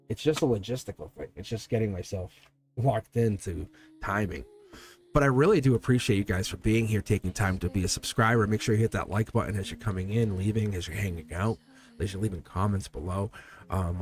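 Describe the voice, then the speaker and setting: Rambling man reading tarot live. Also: on the low side. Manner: rambling, chuckles often, talks to viewers. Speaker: livestream tarot reader. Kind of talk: casual livestream chat.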